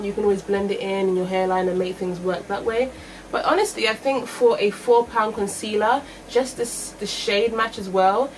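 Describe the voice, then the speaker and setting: In a low-quality recording with faint room hiss, a young beauty vlogger reviews makeup in a middling-pitched voice. She's chatty, thinks aloud, and often corrects herself mid-sentence.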